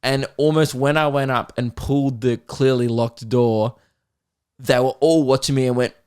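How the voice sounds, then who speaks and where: A man's voice: fairly even intonation, moderate pace, a little mellow, clear, resonant tone. A young Australian man hosting a comedy podcast, telling a story casually, swearing and laughing as he goes. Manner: swearing, laughing, mimicking kids in a high voice.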